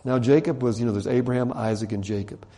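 Talking fast with fairly even intonation, a preacher with a mellow, dark, mid-range voice tells his sermon in a loose, conversational way. Quotes get animated delivery, and casual fillers come often.

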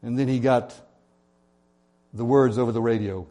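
A man's voice: medium pitch, steady tone, normal speed, pauses often, warm tone. A male pastor preaching a sermon, telling an illustrative story in an earnest way.

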